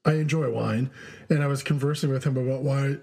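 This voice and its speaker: A relaxed man co-hosting a casual podcast, voice a little husky and breathy. He talks in an easygoing way, full of "um"s and quick laughs. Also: medium pitch. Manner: laid-back, laughs often, many fillers. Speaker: podcast co-host. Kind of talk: casual chat.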